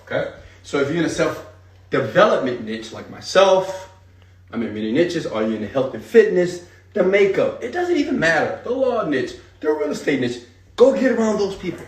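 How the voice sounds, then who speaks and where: A man teaching a live seminar, talking straight to the audience in an animated, hype-driven way. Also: fairly high pitch, reverberant, recorded from a distance. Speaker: speaker teaching an online marketing seminar.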